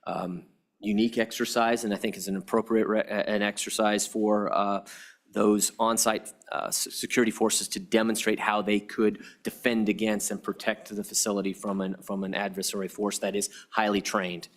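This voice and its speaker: A man presenting formal testimony to a legislative committee, speaking haltingly with frequent restarts and fillers. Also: on the low side, flat delivery. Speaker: federal regulator presenting to lawmakers.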